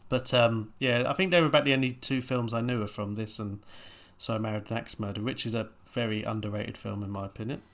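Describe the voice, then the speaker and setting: A man's voice: lowish voice, steady tone, fast, hardly any pauses, a bit bright. A man, co-hosting a casual film chat with dry, wry asides. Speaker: podcast co-host.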